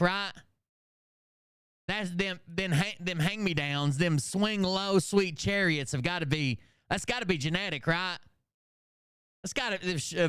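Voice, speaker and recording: A man's voice: a little high, fairly bright tone, clean tone, no echo, studio quality. A man in his thirties with a Southern US accent, hosting a livestream in casual, rambling commentary full of jokes and swearing. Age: 30s. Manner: rambling, joking, heavy swearing. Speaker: livestream host.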